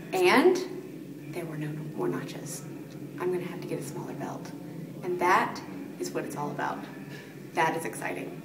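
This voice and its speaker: A woman recording a casual video diary about her fitness progress, chatty and matter-of-fact. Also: lowish voice. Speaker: fitness client. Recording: echoey room, distant mic, background noise.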